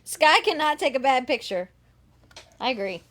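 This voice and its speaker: A woman's voice: high-pitched, expressive, moderate pace, fairly bright tone, slight background noise. A woman hosting a live sales stream, bubbly and teasing, laughing often. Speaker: host selling signed merchandise.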